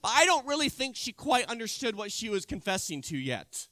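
A man preaching a sermon, retelling a scripture story with animated storytelling and emphatic bursts. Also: extremely high pitch, fairly quick, hardly any pauses, no echo, clean studio sound.

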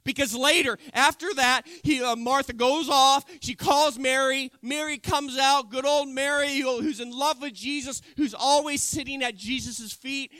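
Male preacher, sermon, animated storytelling, emphatic bursts, bright voice, dry close sound. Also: very high-pitched, dry recording.

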